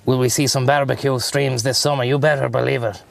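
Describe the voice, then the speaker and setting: Gravelly-voiced Irish man streaming from a car. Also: mid-range voice, fairly even intonation, a little fast, slight background noise. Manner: rambling, profane banter. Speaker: livestreamer. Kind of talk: casual chat while driving.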